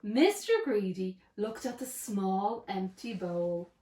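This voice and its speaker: Expressive woman narrator reading a storybook, slow and sing-song, fairly high, roomy echo.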